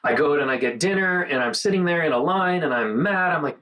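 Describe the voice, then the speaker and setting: A man hosting a casual mindfulness monologue, talking earnestly and guiding the listener through slow counted breathing. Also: medium pitch, expressive, fairly bright tone, poor audio. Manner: earnest, conversational, guides breathing with counted pauses. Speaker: host.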